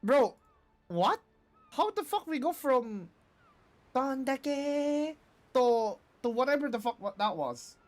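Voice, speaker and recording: A streamer reacting loosely and excitably during a live card game stream, swearing freely. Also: high-pitched, slow pace, long pauses. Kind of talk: casual live-stream commentary.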